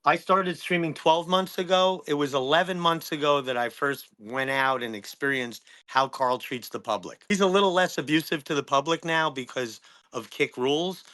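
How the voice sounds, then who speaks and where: A man's voice: on the high side, normal speed, pushed and bright. A man in his fifties, a streamer as a guest, talking in an agitated, profane way and repeating himself. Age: 50s. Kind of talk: heated conversation.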